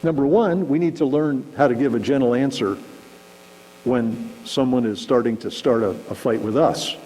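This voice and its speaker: A man delivers a relaxed, conversational sermon, now and then acting out little scenes to make his point. His voice rings with a long hall reverb, and a faint electrical hum sits underneath. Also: mid-range voice, normal speed. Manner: conversational, animated, acts out shouting examples. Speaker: pastor. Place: church sanctuary.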